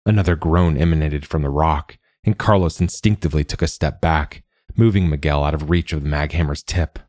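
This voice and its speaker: A man narrating a story in a measured, steady way, like a scripted audiobook. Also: extremely low pitch, dry recording, clean studio sound.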